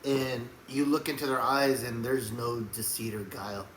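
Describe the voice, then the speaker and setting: A man delivering a rambling faith monologue to camera, preachy and emphatic, often breaking into loud raised outbursts. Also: mid-range voice, flat delivery, normal speed. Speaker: Christian video blogger. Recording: echoey room with faint background hum.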